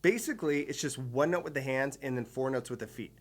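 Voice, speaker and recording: A man's voice: medium pitch, a little fast. A man giving a drum lesson, explaining patterns step by step with enthusiasm and counting beats aloud. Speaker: drum teacher. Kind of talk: instructional video lesson.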